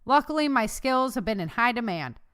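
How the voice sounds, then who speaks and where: A woman's voice: a little high, animated, fairly quick, a bit bright, clean tone, voice pushed up. A woman reading as an older male doctor with a German accent, speaking in a friendly, reassuring way.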